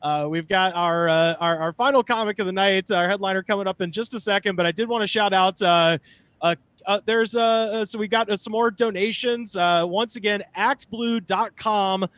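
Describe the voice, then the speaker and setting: Halting man hosting a comedy stream. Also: sits high, fairly bright tone, dry recording. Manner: halting, lots of filler. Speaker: show host. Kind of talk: casual hosting between acts.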